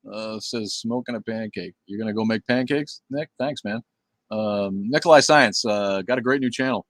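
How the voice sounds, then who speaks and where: A middle-aged man hosts a casual livestream, answering chat comments in a blunt, swearing, rambling way. His voice sits a little low, and the sound is dry and close, with no room echo. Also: moderate pace. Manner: blunt, profane, rambling with many fillers. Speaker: livestream host.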